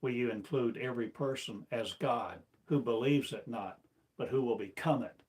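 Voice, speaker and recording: A man preaching a sermon as a spiritual teacher, slow and declamatory, firing off one rhetorical question after another. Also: medium pitch, a little mellow. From United States.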